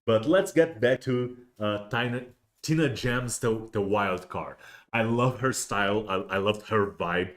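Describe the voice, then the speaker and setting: Rambling man, low voice. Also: unhurried. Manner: rambling, with many restarts and fillers. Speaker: host of a miniatures livestream. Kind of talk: casual livestream chat.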